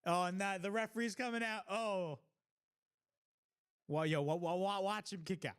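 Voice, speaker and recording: A man hosting a live wrestling reaction stream, talking casually, swearing freely and bursting into exclamations and shouts. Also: sits high, normal speed, clean tone. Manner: excitable, blurts exclamations and shouts at big moments.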